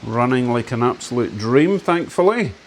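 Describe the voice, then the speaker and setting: A man hosting his model railway channel runs a train around his home layout, offering chatty, enthusiastic commentary with light self-mockery. His medium-pitched voice is expressive and moves at a normal speed, with a little hiss or hum.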